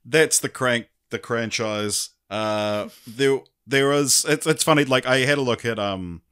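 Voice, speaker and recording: A man co-hosting a casual film review podcast, talking with many pauses and restarts. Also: medium pitch, fairly bright tone, clear, resonant tone. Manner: hesitant, many ums and restarts. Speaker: podcast co-host.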